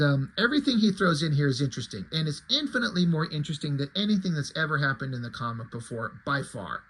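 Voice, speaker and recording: A man's voice: fairly high pitch, a bit bright, poor audio. A man casually reviewing a comic book, chatty and rambling with plenty of fillers.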